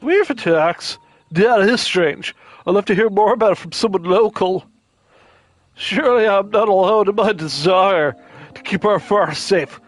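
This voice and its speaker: A man's voice: high-pitched, moderate pace, no room sound. Man doing a laid-back surfer dude hunter. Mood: easygoing.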